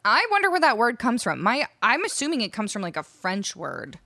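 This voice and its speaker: A woman from Canada chats with her live viewers in a lively voice that swings up and down, laughing as she goes. She sits close to a studio mic, and the sound is dry and close. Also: on the high side, a little fast, no echo. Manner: chatty, laughs often, muses over word pronunciations. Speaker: streamer. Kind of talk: casual chat with live viewers. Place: home streaming room. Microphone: studio microphone up close.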